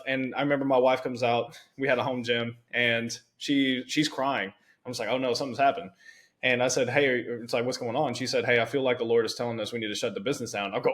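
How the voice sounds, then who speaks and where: Young guy hosting a podcast, talks fast and loose with lots of "it's like" asides. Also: mid-range voice. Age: young adult. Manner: animated storytelling with many "it's like" asides. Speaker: podcast host. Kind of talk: conversational interview.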